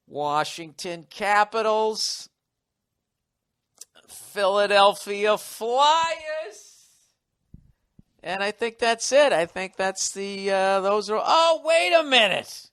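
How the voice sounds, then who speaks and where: A man, hosting a solo comedy podcast, rambling and swearing, mocking himself and now and then rising to loud excited outbursts. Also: high-pitched, smooth, no room sound, studio quality. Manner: profane, rambling, self-mocking. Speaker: podcast host.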